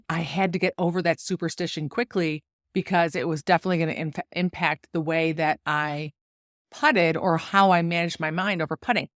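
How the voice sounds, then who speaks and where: A woman in her forties from the United States, hosting a solo podcast and telling stories in a chatty, lively way with frequent laughs. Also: on the low side, moderate pace, dry recording, clean studio sound. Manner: chatty, animated storytelling with laughs. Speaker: podcast host and golf coach.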